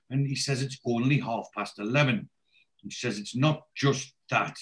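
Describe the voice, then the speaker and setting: A man's voice: mid-range voice, moderate pace. Chatty man retelling a TV episode. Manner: rambling storyteller, quoting characters in his own voice. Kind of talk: casual chat recapping a TV episode.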